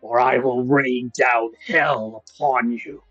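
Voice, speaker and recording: Man putting on a furious vampire lord's booming voice. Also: steady tone, a bit bright, dry recording, highs cut off, soft background music. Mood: furious, commanding. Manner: booming, drawn-out threats. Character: menacing vampire lord, man, wrathful and commanding.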